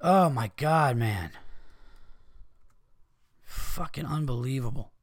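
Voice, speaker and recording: A man's voice: medium pitch, lively intonation, slow, no echo, clean studio sound. A man hosting his own podcast, ranting with heavy profanity and reading listener messages aloud. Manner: profane, rambling, fired-up ranting. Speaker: podcast host. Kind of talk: solo podcast rant, reading listener letters.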